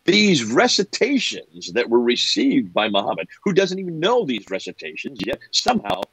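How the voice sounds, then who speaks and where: A middle-aged man holds forth as a guest, his pitch leaping up and down as he builds his case. His voice has a light husky edge, and the sound is dry and close. He keeps asking, half incredulous, whether you are following. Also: wildly swooping pitch, moderate pace, fairly bright tone, no room sound, low-quality recording. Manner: incredulous, asks if listener follows. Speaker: guest speaker. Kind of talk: animated explanatory talk.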